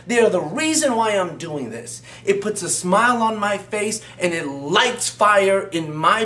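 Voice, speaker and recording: A man's voice: high-pitched, a bit bright. A man speaking as a motivational business coach, emphatic and repetitive as he urges the listener on. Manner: emphatic, repetitive, fervent exhortation. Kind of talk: motivational talk to camera. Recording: echoey room, voice from a distance.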